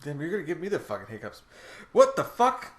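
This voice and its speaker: A man's voice: a little high, wildly swooping pitch, brisk, reverberant. A man in a casual movie commentary, crude and teasing.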